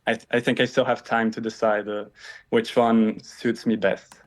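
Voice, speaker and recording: A man's voice: on the low side, flat delivery, moderate pace. A man, a test candidate, giving hesitant, formal answers in a speaking exam, with small grammar slips.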